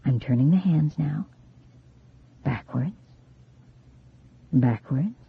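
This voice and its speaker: A woman voicing a calm adult female therapist who hypnotizes a girl, talking in a soft, coaxing, steady way. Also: low-pitched, slow, creaky, breathy edge, narrow, tinny audio, pitched below the performer's own voice, full character voice. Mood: soothing. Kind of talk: audiobook character reading.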